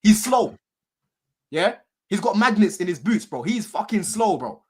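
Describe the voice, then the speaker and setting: Husky-voiced man, fan podcast co-host, blunt slangy football talk. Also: sits high, very animated, a little slow. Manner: slangy, swearing, repeats phrases. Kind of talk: casual banter.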